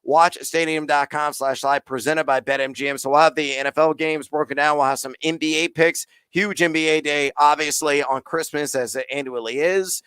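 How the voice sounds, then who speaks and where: A man hosting a fantasy football Q&A, answering chat questions rapid-fire with playful, hyped asides. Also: on the high side, fairly even intonation, a bit bright, clear, resonant tone, no room sound. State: out of breath.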